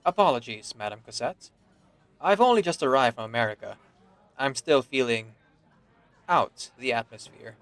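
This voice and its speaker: A man's voice: medium pitch, animated, normal speed, long pauses, fairly bright tone, dry recording. A man voicing a blunt, wary con man. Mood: guarded. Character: shrewd wary male con man from America.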